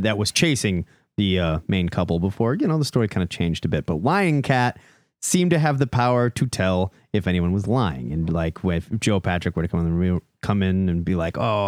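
A man co-hosting a comic book podcast in casual chat, animated and laughing often. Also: low voice, normal speed, no echo. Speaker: podcast co-host.

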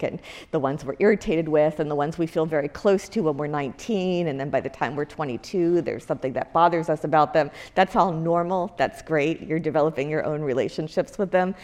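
A woman's voice: low-pitched, darkish tone. A woman lecturer giving a university lecture in a conversational way, with many fillers and self-corrections. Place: lecture hall.

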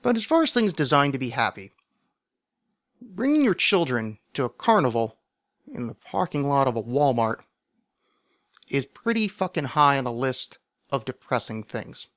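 A man hosting a podcast, telling a comic story in a sardonic, self-mocking way, with mumbled asides and loud animated bursts. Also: mid-range voice, moderate pace, long pauses, no echo, studio quality. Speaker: podcast host. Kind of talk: comedic storytelling monologue.

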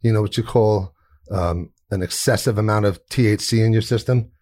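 A man's voice: fairly low pitch, brisk, a little mellow. A man, a chef guest telling stories in a casual, rambling interview, laughing often and restarting sentences. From New York.

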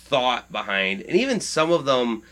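A man's voice: medium pitch, big pitch swings, moderate pace, sharp tone. A man in casual podcast chat, rambling with many restarts and frequent swearing.

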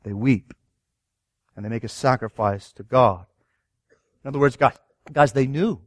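A man's voice: mid-range voice, a little slow, dry recording, clean studio sound. A man preaching a sermon, reading scripture and asking his listeners earnest rhetorical questions. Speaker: pastor.

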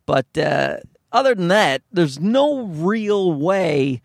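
A man with a Newfoundland accent and a nasal, fairly high voice hosts his own podcast as a stand-up comic. He rambles along, swears casually and mocks himself, with a dry, close sound and no room behind him. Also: sing-song, slow, creaky, no echo. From Newfoundland, Canada. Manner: rambling, self-deprecating, swears freely, mimics people in higher voices. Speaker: stand-up comedian hosting a podcast. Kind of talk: casual comedic monologue. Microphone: podcast microphone.

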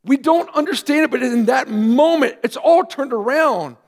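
A man, a pastor, preaching a sermon earnestly, with emphatic rising questions and quieter asides. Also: very high voice, normal speed.

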